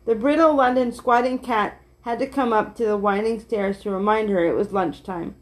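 A woman reading a children's picture book aloud in a gentle, steady way, with small slips and restarts. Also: medium pitch, normal speed.

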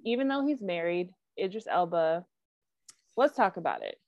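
An animated woman co-hosts a casual podcast and keeps drifting into asides. Her voice is recorded dry, with a dull, lo-fi tone. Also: lowish voice, moderate pace, no echo. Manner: animated, with frequent likes and asides. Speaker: podcast co-host. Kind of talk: casual chat.

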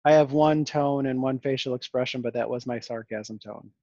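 A man hosting a podcast in casual conversation, halting with many restarts and a dry, sarcastic edge. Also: mid-range voice, a little mellow, no room sound, muffled recording. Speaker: podcast host.

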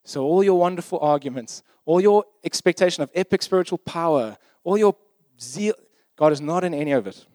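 A man's voice: fairly high pitch, expressive, a little fast, a little mellow, no echo. A man preaching a sermon in a conversational, emphatic way, often checking in with his listeners.

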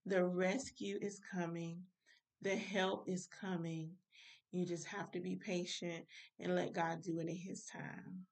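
A woman's voice: lowish voice, level tone, measured pace, gravelly, a little mellow, distant mic. A woman minister giving a casual Bible study talk, speaking straight to her listeners. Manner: informal, direct address to listeners.

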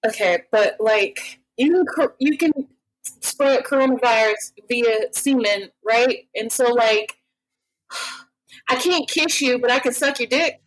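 A woman's voice: fairly high pitch, slow, low-quality recording. Blunt, frank woman co-host. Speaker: podcast co-host. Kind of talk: casual chat.

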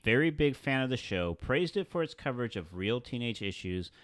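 A man's voice: mid-range voice, lively intonation, fairly quick, fairly bright tone, no echo. A man co-hosting a casual chat, reading out notes with dry joking asides. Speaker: podcast co-host.

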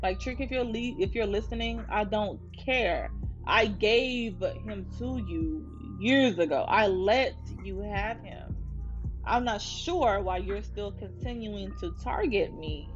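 A woman's voice: medium pitch, slow. A woman in her twenties hosting a podcast, telling a story in a casual, profanity-filled rant to her listeners. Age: 20s. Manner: profane, animated venting to listeners. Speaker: podcast host. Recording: slightly muffled with faint music.

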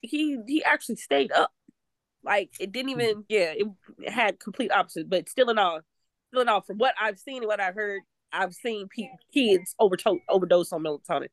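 Chatty mom in dry close-miked talk. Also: female voice, medium pitch, normal speed, no room sound. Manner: rambling, many fillers and restarts. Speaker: podcast co-host. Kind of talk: casual chat.

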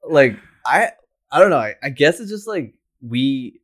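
A man co-hosting a podcast, answering in a halting way as he searches for words. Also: mid-range voice, sing-song, a bit bright. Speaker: podcast co-host. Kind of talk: casual chat.

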